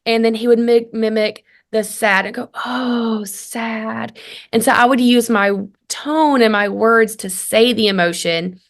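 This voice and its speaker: A woman's voice: on the high side, normal speed, hardly any pauses. Earnest woman coach telling family stories. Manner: earnest, animated storyteller who acts out dialogue. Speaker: guest, family communication coach. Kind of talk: conversational interview.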